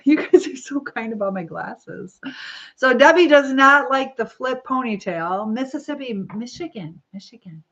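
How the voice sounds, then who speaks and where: A woman's voice: fairly high pitch, animated, normal speed, a bit bright. A middle-aged woman hosting a casual live stream, chatting and laughing as she reads viewer comments while styling her hair. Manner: chatty, rambling, frequent laughs. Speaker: livestream host reading viewer comments. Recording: slightly dull lo-fi sound.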